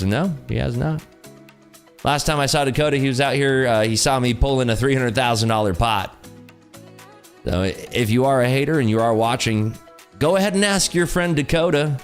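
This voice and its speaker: A man's voice: mid-range voice, fairly quick, faint music behind. A tired man hosting a day-trading livestream, joking and reading chat aloud in casual talk.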